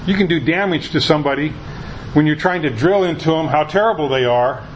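A man's voice: on the high side, fairly quick, slight background noise, low-quality recording. A male pastor preaching a conversational sermon, often restarting his sentences as he explains a passage.

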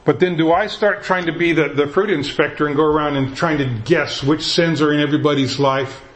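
A man's voice: a little high, fairly even intonation, brisk, rough recording. A male pastor preaching a conversational sermon, often restarting his sentences as he explains a passage.

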